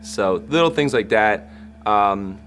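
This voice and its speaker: A man in his thirties, a Christian hip hop artist, telling a personal story in an interview with animated shifts as he acts out what people said. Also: lowish voice, slow, soft background music. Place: backstage at a concert.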